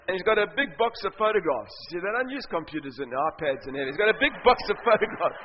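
High-pitched preacher guy, animated and jokey, echoey hall, kinda muffled. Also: fast, few pauses, slight background noise. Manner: animated, jokey, laughs often. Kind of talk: sermon storytelling. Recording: echoey hall, dull sound.

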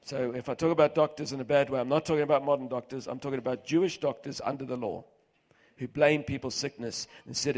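A middle-aged man preaching a sermon, reading scripture aloud and repeating key words for emphasis, swinging between loud and hushed. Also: a little high.

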